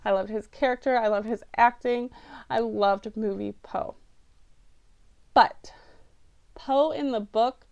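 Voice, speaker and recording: A woman's voice: on the high side, slow pace, creaky, pauses often, a little mellow, dull audio. A young woman chatting to camera as a book vlogger, rambling and emotional. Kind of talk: casual chat to camera.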